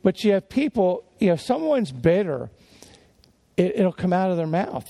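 A male pastor delivers a sermon in a loose, conversational way, laughing softly and doubling back on his words. His voice is a little high for a man but dark and mellow in tone, with a gravelly edge. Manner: conversational with chuckles and repeated restarts. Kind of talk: sermon teaching.

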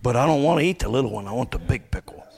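Man, preacher, folksy, joking, laughs often, very animated pitch. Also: very fast, creaky, a little hiss or hum. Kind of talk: conversational sermon.

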